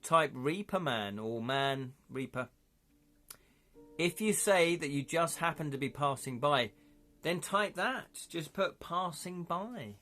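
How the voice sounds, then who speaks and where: A man's voice: fairly high pitch, expressive, slow pace, sharp tone. A British man hosting a live interactive gamebook stream, narrating and calling for chat votes in a playful, jokey way. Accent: British English.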